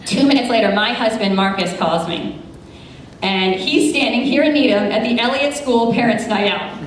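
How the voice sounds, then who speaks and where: An American woman in her thirties, an attorney, telling a true story on stage with lively quoted dialogue. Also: on the high side, moderate pace, a little hiss or hum. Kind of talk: live storytelling performance. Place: large event space, live audience. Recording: echoey room from far off.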